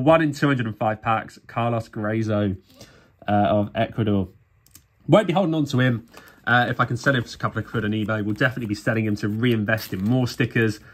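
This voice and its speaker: A man's voice: lowish voice, fairly bright tone. A man from England chatting casually to viewers while opening sticker packs, tired and self-mocking. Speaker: sticker collecting YouTuber. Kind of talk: casual vlog commentary.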